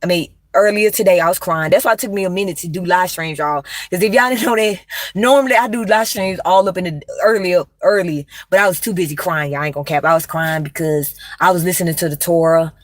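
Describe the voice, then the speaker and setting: With no echo behind her, a young woman speaks quickly in a fairly low voice during a casual livestream. Her talk wanders and hits hard, packed with slang and swear words, and she's confiding right to the people watching.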